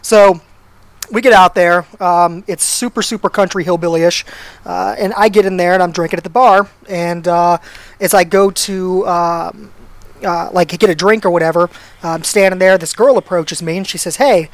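A man's voice: sits high, steady tone, normal speed, dry recording. A man casually telling a long, self-deprecating anecdote. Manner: laid-back, self-deprecating storytelling. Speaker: storyteller guest.

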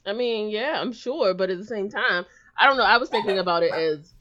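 A woman co-hosting a podcast, chatting casually about a TV episode in a relaxed, laid-back way. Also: medium pitch, a little fast, background noise. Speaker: podcast co-host. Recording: dull lo-fi audio.

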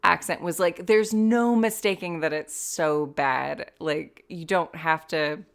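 A woman from the United States in her thirties chats casually as a podcast guest. She tells stories with a fairly low voice, laughs often and slips into little acted quotes. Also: slow, vocal fry. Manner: animated storytelling, laughs often, acts out quotes. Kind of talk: casual chat.

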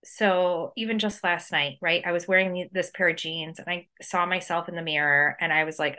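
Bright-voiced woman reasoning aloud on a podcast. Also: fairly low pitch, fairly even intonation, moderate pace, hardly any pauses. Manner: reflective, reasons aloud with quoted self-talk. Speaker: podcast co-host, researcher. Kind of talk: casual chat.

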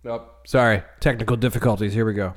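A man's voice: fairly low pitch, fairly even intonation, fast talker. A man hosting a fantasy football podcast, talking loosely and laughing often. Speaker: podcast host. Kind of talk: casual podcast chat.

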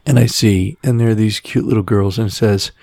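A man's voice: fairly low pitch, fairly even intonation, brisk, vocal fry, dark tone, no room sound, studio quality. A man co-hosting a podcast in casual chat, rambling and emotional, laughing often, recorded in his childhood bedroom. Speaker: podcast co-host.

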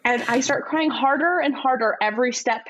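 A woman chatting casually, telling a long story with lively imitated voices and frequent laughter. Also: high-pitched, fairly quick, slight background noise, poor audio. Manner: animated, acts out voices in her story; laughs often while telling. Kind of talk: casual chat.

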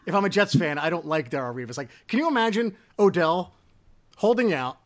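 A man co-hosting a sports podcast, talking in casual chat and going off on animated rants. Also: high voice, fairly quick. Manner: ranting, animated complaints. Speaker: podcast co-host.

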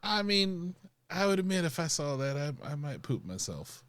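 A man's voice: fairly high pitch, sing-song, moderate pace, fairly bright tone, no echo. A man co-hosting a podcast, chatting about a TV episode with laid-back, short, dry remarks. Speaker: podcast co-host. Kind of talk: casual chat reviewing a TV episode.

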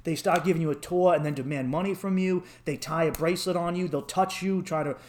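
A young man telling travel stories in casual chat, rambling and swearing, acting out the people he quotes in a high voice. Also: steady tone, a little fast, a little mellow.

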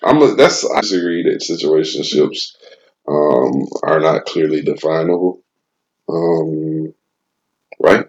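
A man's voice: very deep voice, expressive, slow, lo-fi sound. A young man co-hosting a casual chat, blunt and crude, joking and laughing often. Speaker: podcast co-host.

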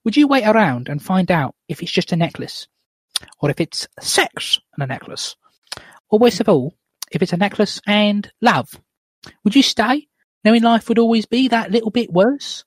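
A man's voice: high-pitched, animated, moderate pace, no echo, voice pushed up. A man reading out a scene and voicing a wounded middle-aged wife confronting her husband, in a dramatic read-aloud style. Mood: reproachful.

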